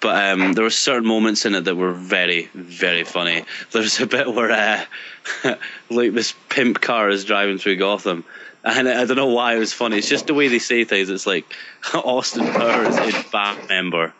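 British guy, young, low voice, giggly storyteller, muffled recording. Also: moderate pace. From Britain. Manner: laughs often, animated storytelling. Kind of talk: casual chat. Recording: dull lo-fi sound.

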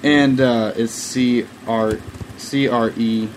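A young man hosts a podcast, rambling through a profane story in casual chat, saying "like" constantly and laughing often. His voice is mid-range with fairly even intonation and a slow pace, and the background is noisy.

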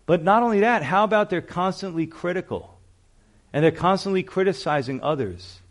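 A man's voice: high voice, lively intonation, normal speed. A male pastor preaching a sermon in a conversational, storytelling way, with frequent asides to the congregation.

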